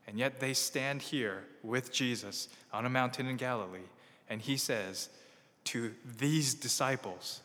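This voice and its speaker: A man's voice: mid-range voice, measured pace, sharp tone, in a large hall. A man preaching a sermon as a pastor, earnest and emphatic, asking rhetorical questions and answering them.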